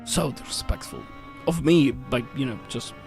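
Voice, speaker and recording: A man streaming a game, telling a story in a casual, animated rant with swearing and frequent restarts. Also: mid-range voice, moderate pace, gravelly. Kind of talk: casual chat while gaming. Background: faint game music.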